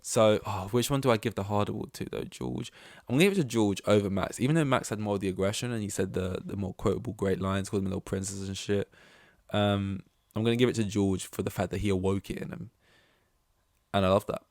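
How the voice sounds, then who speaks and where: Excitable young man, low dry voice. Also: fast, no echo. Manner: excitable, swears freely, acts out quotes. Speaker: podcast host. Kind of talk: casual solo commentary.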